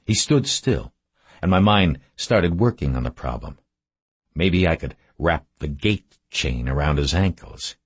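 Very deep husky male narrator. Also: expressive, no room sound. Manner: terse, measured, low-key delivery. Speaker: audiobook narrator. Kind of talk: scripted first-person narration.

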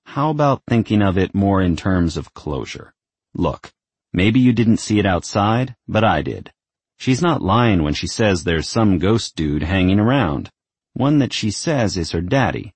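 Blunt young guy, offhand and profane, husky low voice , as a narrator voices him. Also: sing-song, a little slow, no room sound, full character voice. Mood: persuasive. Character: blunt, sardonic young man.

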